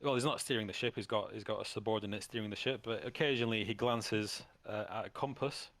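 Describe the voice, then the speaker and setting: A man narrating a tabletop game as game master, often pausing with ums and restarts. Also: fairly low pitch, fairly bright tone, no room sound. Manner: halting, full of ums and restarts.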